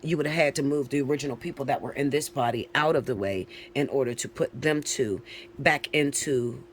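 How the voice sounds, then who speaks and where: A man's voice: mid-range voice, a little fast, slight background noise. A man giving a casual spoken tarot reading, talking loosely and informally and checking in often with his listener. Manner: chatty, tags lines with "all right?" and "okay?"; loose and informal, with occasional swearing. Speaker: tarot reader.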